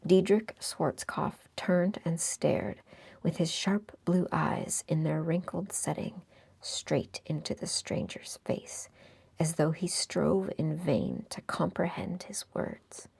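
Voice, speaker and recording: Lady reading a book in a soft whisper, slow and gravelly, kinda low. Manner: hushed, breathy, unhurried. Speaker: audiobook reader. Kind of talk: audiobook narration in a breathy whisper.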